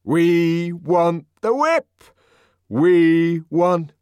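Frenzied mob chant, slow heavy rhythm, high loud voice,, dry. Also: male voice, expressive, no echo, muffled recording, exaggerated voice.

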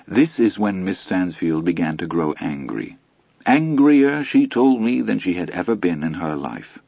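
A man narrating an audiobook in a measured, formal storytelling manner. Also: low-pitched, expressive, vocal fry, a little mellow, dry recording, lo-fi sound.

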